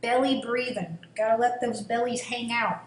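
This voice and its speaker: Friendly female host, playful and quick to restate ideas, in a room with faint background hum. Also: on the high side, little pitch movement. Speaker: interview host. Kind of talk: casual interview chat. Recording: roomy sound, faint ambience.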